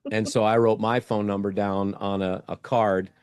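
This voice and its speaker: Low-voiced man telling a story. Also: moderate pace, smooth, no echo, studio quality. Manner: animated storyteller, acts out his own thoughts. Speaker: guest. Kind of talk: casual interview storytelling.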